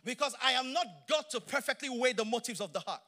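A middle-aged man preaching a sermon, animated and emphatic with playful asides. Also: very high voice, fast talker. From Nigeria.

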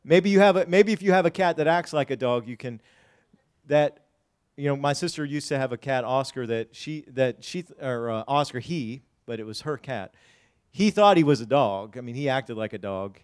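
A man preaching a sermon, speaking straight to the congregation, dropping to quiet asides and rising to loud, drawn-out emphasis. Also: mid-range voice, expressive, clear, resonant tone. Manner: folksy, addresses the congregation directly. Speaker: pastor.

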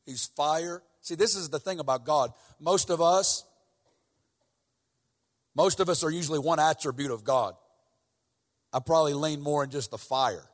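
A man preaching a sermon with intense, sing-song, shouting delivery that drops at times to soft, tender talk, quoting scripture and having the crowd repeat after him. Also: fairly high pitch, normal speed, pauses often, long reverb tail. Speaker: guest preacher.

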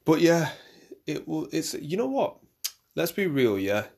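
A man's voice: on the high side, sing-song, unhurried, gravelly, darkish tone, husky. A young man from the UK hosting his own podcast, chatting casually in a loose, rambling way with lots of fillers and restarts. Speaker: podcast host. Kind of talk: casual solo podcast chat. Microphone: camera and mic for a video podcast.

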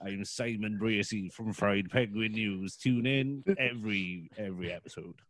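A man puts on a slow, lazy parody of his friend. The voice sinks low and drags each word out. It sounds like a joking podcast bit between mates. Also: fairly bright tone, no echo, lightly acted. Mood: mocking.

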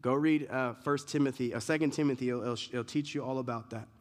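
A man's voice: medium pitch, fairly even intonation, fairly quick. A male pastor preaching an emphatic sermon, building points through repeated lists and restarts. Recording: long reverb of a large hall.

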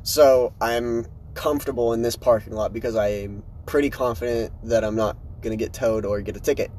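A man's voice: medium pitch, fairly even intonation, a little fast, darkish tone, a little hiss or hum. A young man talking casually on his own podcast, slangy and swearing, recorded in his truck in a parking lot. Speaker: podcast host.

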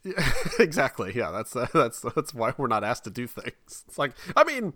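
A man's voice: mid-range voice, very animated, moderate pace, bright, forceful tone, dry recording, clean studio sound. A man in his thirties chatting casually on a podcast, laughing often, stumbling over restarts and slipping into exasperated put-on voices. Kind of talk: casual comedic chat.

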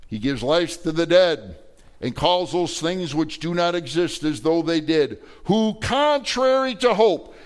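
Folksy, animated man preaching a sermon. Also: on the high side, measured pace. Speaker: pastor.

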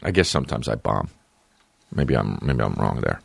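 Profane, animated male comedian ranting. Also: very deep voice, moderate pace, vocal fry, husky, no room sound. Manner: profane, rambling, animated rants. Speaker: comedian podcast host. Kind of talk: casual comedy podcast monologue.

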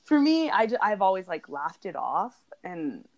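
A woman's voice: medium pitch, big pitch swings, normal speed, a little mellow. A woman co-hosting a podcast, talking in a casual, earnest and heartfelt way, often laughing as she speaks. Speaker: podcast co-host.

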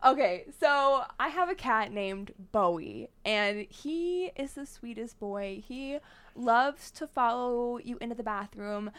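A young woman co-hosting a podcast in casual chat, excitable and quick to gasp and laugh, swearing casually. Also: fairly high pitch, smooth. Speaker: podcast co-host.

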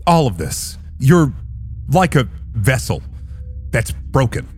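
A man's voice: mid-range voice, very animated, takes it slowly, slightly rough, exaggerated voice. A man voicing a weary, out-of-her-depth girl arbiter who stammers and sounds exasperated.

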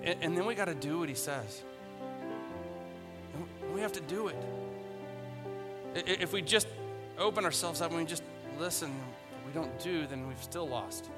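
Pastor preaching over music in a reverberant hall. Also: male voice, fairly high pitch, expressive, normal speed, pauses often. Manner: conversational preaching, acts out Bible scenes in casual modern speech; repeats phrases for emphasis. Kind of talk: sermon.

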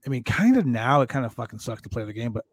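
A man hosting a podcast interview, telling stories in a casual, animated and profane way. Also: mid-range voice, quick pace, no echo. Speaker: podcast host.

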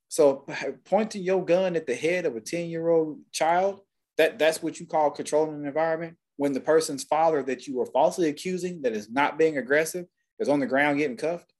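A man's voice: fairly high pitch, normal speed, a little mellow. A man co-hosting a podcast, talking in a blunt, heated and profane way. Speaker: podcast co-host. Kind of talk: casual opinionated chat.

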